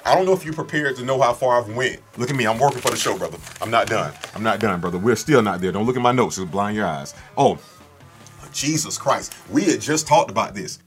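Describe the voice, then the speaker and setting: Male podcast co-host, low voice, rambling, excitable, swears a lot, faint music underneath. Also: a little fast. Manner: rambling, swearing, bursts into loud excited impressions. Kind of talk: excited film chat.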